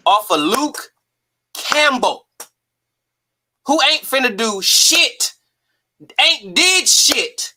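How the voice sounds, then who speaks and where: A man hosting a casual boxing talk show, animated, slangy and emphatic. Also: very high voice, very slow, long pauses, slight background noise. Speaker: host.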